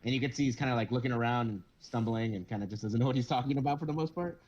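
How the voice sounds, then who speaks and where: A man's voice: medium pitch, very fast, darkish tone, highs cut off, a little hiss or hum. A man narrating a tabletop game as game master in a loose, casual way.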